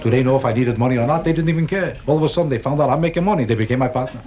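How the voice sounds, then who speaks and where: A man doing stand-up comedy on a nightclub stage, with a deadpan, kvetching, sing-song delivery. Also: medium pitch, racing, lo-fi sound, crowd noise. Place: nightclub stage before a live audience. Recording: 1962 live album with audience noise.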